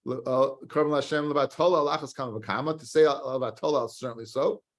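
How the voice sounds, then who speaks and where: A man's voice: mid-range voice, fast. A man, a rabbi teaching a Talmud study lesson. He repeats phrases for emphasis and mixes Hebrew and Aramaic terms into his English. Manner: animated, swings between loud emphasis and quiet earnest stress, repeats phrases.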